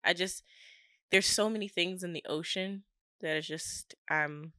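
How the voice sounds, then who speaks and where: A young woman, a podcast co-host, telling an animated story in casual chat and acting out the people in it. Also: lowish voice, a little slow, no echo, studio quality.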